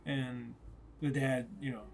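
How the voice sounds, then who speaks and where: A man's voice: mid-range voice, steady tone, normal speed, faint music behind. A man casually retelling a story in a rambling, conversational way, correcting himself as he goes.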